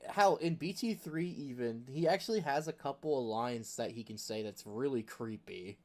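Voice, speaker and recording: A man's voice: medium pitch, moderate pace, a little mellow. A man hosting a gaming video, talking in a rambling, casual rant full of filler words. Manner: rambling, chuckling, heavy use of filler words.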